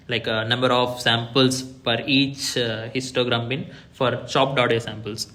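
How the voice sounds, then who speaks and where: Young student presenting, bright voice. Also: male voice, mid-range voice. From India. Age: young adult. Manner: explanatory, with frequent fillers like "like" and "see". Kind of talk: academic project presentation.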